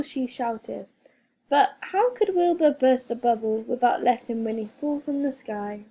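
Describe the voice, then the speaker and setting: A woman reading a children's storybook aloud as a teacher, expressive and playful with sound effects. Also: sits high, measured pace, slightly rough.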